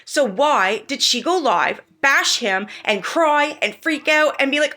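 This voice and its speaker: Woman, heated commentary host, swears freely, bright edge, fairly high voice. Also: expressive, measured pace, gravelly, hardly any pauses. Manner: indignant, profane, rhetorical questions. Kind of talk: heated commentary on online drama.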